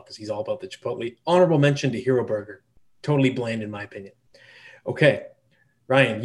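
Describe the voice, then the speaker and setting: A man hosting a podcast in casual chat, firing light quiz questions at his co-hosts. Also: medium pitch. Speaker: podcast host.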